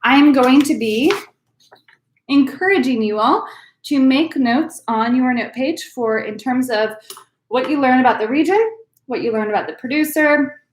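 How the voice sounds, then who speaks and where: A woman's voice: sits high, measured pace, a little hiss or hum. A woman hosting a live-streamed virtual wine class, chatty and upbeat, with lots of "um" fillers. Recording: roomy echo.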